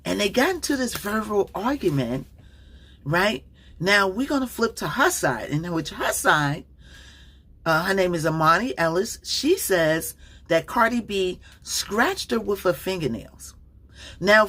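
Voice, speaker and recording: A woman's voice: fairly low pitch, fairly bright tone, slightly rough. A woman commenting casually on a livestream, rambling and distracted, with many fillers and restarts.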